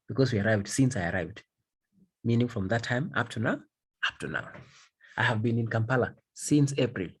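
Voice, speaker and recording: A man's voice: mid-range voice, lively intonation, brisk, breathy edge. A man teaching English grammar, emphatic and repetitive, often stopping to check that his students understand. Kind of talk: grammar lesson.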